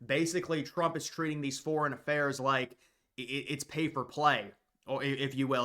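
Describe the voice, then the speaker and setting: A man's voice: mid-range voice, level tone, normal speed, pushed and bright, clear, resonant tone. A man giving opinionated, off-the-cuff political commentary with frequent restarts. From United States.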